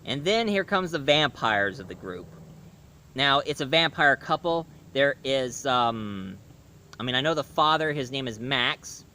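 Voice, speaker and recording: A man giving a casual video review, talking haltingly with frequent restarts and self-corrections. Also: medium pitch, animated, pushed and bright, a little hiss or hum.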